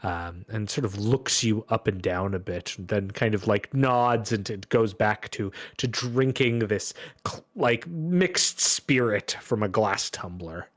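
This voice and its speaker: A man narrating a tabletop game as game master, describing scenes in a relaxed way and laughing easily. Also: fairly low pitch, measured pace, hardly any pauses.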